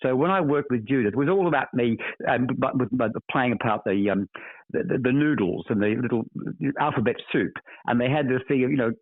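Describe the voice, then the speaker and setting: A man's voice: mid-range voice, brisk, no room sound. An older Australian actor telling stories as a podcast guest, expansive and repeating words as he searches for them. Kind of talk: casual interview anecdotes. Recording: dry tinny phone-like line.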